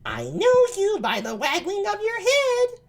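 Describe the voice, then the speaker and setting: A man voicing a waiting-gentlewoman in a strained high falsetto while reading a play aloud on stream. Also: huge pitch swings, measured pace, full character voice. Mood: teasing. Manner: falsetto, teasing. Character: shrill high-voiced older waiting-gentlewoman.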